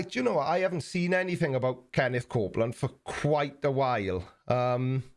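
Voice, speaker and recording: Rambling man hosting a livestream. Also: medium pitch. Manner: rambling, self-mocking, many fillers. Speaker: livestream host. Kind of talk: casual livestream chat.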